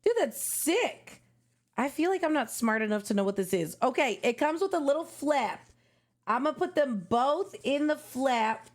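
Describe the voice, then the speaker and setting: A woman vlogger chatting casually through an album unboxing, excitable and slangy, often gasping and exclaiming. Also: sits high, normal speed.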